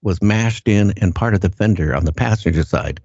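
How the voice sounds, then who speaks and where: An older man with a very low voice tells his story in a plain, earnest way. He stops and restarts, often repeating words as he goes. The sound is dull and lo-fi and very dry, with no room around it. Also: fairly quick, darkish tone, no room sound. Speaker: guest recounting an encounter. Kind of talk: casual first-person storytelling.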